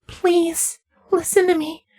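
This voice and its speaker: A man's voice: very high-pitched, little pitch movement, slow, dark tone, no echo, pitched above the performer's own voice. A man voicing a small, frightened changeling child who whimpers and pleads through tears. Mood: pleading.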